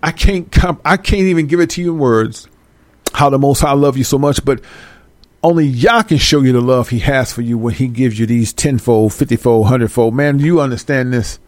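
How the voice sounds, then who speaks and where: A male preacher who talks straight at his listeners in a blunt, profane and scolding way. His pitch sits mid-range and the sound is close and dry. He leans on repeated words for emphasis. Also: moderate pace, no room sound. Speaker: religious teacher. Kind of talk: street-style preaching with scripture reading.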